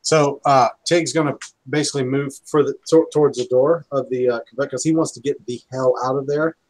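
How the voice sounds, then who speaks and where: A man playing a tabletop role-playing game, describing his character's moves and bursting into loud in-character lines. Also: medium pitch, steady tone, fairly quick, poor audio. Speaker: player.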